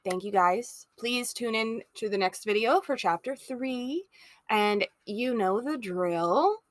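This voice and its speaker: A young woman hosting a let's play, reading a story game aloud and reacting to it in a chatty, expressive way. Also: fairly high pitch, slow, dry recording. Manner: chatty, expressive, laughs often. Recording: voice over background music.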